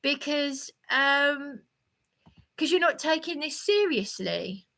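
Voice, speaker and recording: A woman talks to her viewers live from a hotel room. Her voice sits a little high and bright, and she rambles and stops to restart her sentences while she replies to comments. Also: animated. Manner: halting, many restarts, answers viewer comments. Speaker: livestreamer.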